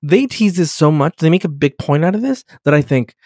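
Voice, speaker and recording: A man's voice: fairly high pitch, expressive, brisk, darkish tone, no echo, clean studio sound. A man in casual podcast chat, swearing a lot and acting out characters in put-on voices as he recaps a show. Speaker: podcast co-host.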